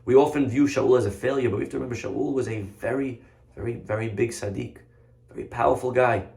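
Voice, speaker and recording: A man, a rabbi, preaching in a lively, conversational storytelling way. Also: mid-range voice, fast talker, creaky. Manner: animated, conversational, vivid storytelling. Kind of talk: sermon storytelling. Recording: roomy echoey room.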